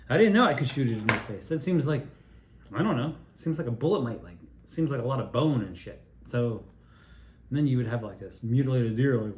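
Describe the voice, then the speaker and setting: A man telling rambling childhood stories in a profane, digressive, animated way while sipping beer. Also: medium pitch, moderate pace, roomy sound, slight background noise. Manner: drinking beer while talking. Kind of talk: rambling personal storytelling monologue.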